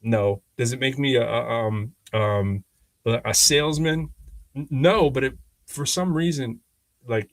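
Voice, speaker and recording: A man's voice: mid-range voice, unhurried, no room sound. A man in mid-range tells stories on a podcast in an easygoing, conversational way, slipping into the voices of the people he quotes. The recording is dry and close, with no room sound. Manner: animated, acts out quoted voices, laughs often. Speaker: podcast co-host. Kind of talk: casual conversational storytelling.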